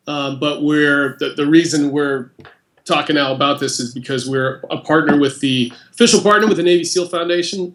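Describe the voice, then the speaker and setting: A man being interviewed on a podcast, speaking in a relaxed, conversational way with fillers. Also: mid-range voice, reverberant. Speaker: interview guest, company president. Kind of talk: casual interview chat.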